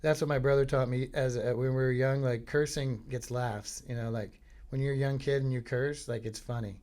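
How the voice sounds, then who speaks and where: Rambling deadpan podcast host, a man. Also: medium pitch, normal speed. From Florida. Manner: meandering, deadpan, filler-heavy. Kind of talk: rambling comic monologue.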